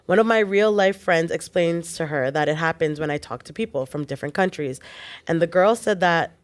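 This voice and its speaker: Low-voiced woman reading a post aloud. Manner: reads in a running voice with quick casual asides. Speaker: podcast co-host reading a listener post.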